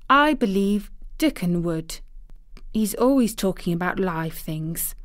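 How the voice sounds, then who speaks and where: A woman voicing a stubborn, blunt little girl in a storybook reading, in a slow, dry-sounding delivery. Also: mid-range voice, expressive, no echo. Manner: blunt, contrary, eager when describing the moor.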